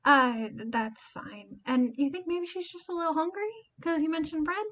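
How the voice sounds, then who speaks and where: A woman's voice: extremely high pitch, brisk. A woman narrating a tabletop game as game master, in a chatty, rambling way. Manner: rambling, chatty, self-correcting. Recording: dull lo-fi stream audio.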